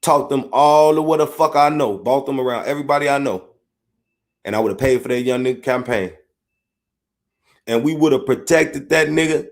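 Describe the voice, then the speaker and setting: The podcast host, a middle-aged Chicagoan with a Chicago accent, has a mid-range voice and a moderate pace. His unfiltered rant comes out profane, blunt, heated and repetitive, captured in an echoey room.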